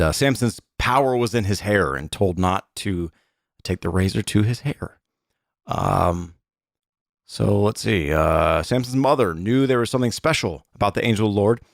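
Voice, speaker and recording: A man with a fairly low voice reads through a list of stories for a casual podcast. He halts, restarts and fills gaps with little sounds. The recording is close and dry, with no room around it. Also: vocal fry, no echo. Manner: halting, reads aloud with many fillers and restarts. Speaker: podcast co-host. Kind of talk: casual chat, reading a list aloud.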